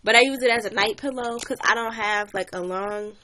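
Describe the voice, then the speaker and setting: A woman's voice: on the high side, brisk, bright, forceful tone. A young woman chatting on a livestream, animatedly telling a story and greeting new viewers. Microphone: webcam or phone mic.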